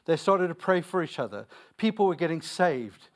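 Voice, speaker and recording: A man's voice: a little high, animated, normal speed. A young man preaching a sermon, repeating lines for emphasis and telling stories with laughter.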